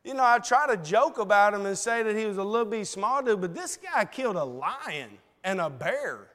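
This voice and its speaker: A man preaching a sermon in a church, in a folksy, conversational way with dramatic pauses. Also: high-pitched, lively intonation, a bit bright. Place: church sanctuary. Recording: long reverb in a hall.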